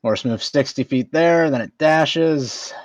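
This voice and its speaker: A man's voice: a little high, slow, no echo. A man playing a tabletop game, thinking aloud as he explains his moves. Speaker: player.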